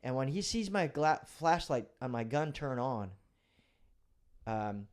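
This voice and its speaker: A man's voice: medium pitch, sing-song, takes it slowly. A middle-aged man, a retired police officer, telling a vivid personal story as a guest in a casual interview, now and then swearing.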